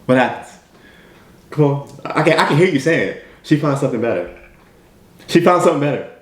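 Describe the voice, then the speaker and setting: In an echoey room, a man with a fairly high, animated voice delivers a forceful motivational talk at a fairly quick clip. As a motivational speaker, he leans on rhetorical questions again and again.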